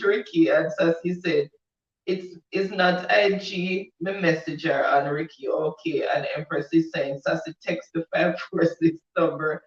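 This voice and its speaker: A man co-hosting a casual live show, reading viewer comments aloud and laughing often. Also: a little high. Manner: laughing often, reads comments with a Caribbean lilt. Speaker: co-host reading live chat. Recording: echoey, distant, dull audio.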